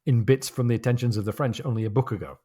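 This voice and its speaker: A man co-hosting a podcast, chatting casually about a novel and reading passages aloud slowly and deliberately. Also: mid-range voice, mellow. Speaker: podcast co-host. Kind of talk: casual book discussion with read-aloud passages.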